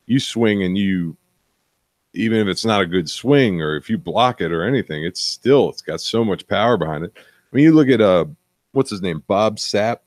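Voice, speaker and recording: A man's voice: fairly low pitch, lively intonation, normal speed, no room sound, studio quality. A man co-hosting a casual podcast, chiming in with wry, offhand remarks. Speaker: podcast co-host. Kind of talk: casual chat over drinks.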